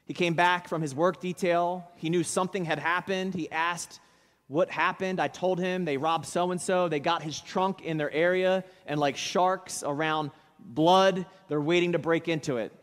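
High-voiced male pastor, reverberant church. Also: fairly even intonation, normal speed. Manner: dramatic storytelling, emphatic. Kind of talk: sermon.

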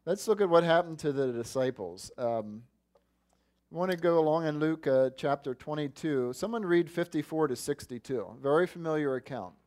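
A man's voice: fairly high pitch, expressive, normal speed, a little mellow. A man preaching a sermon, earnest and asking his listeners questions. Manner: earnest, asks the congregation questions. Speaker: pastor.

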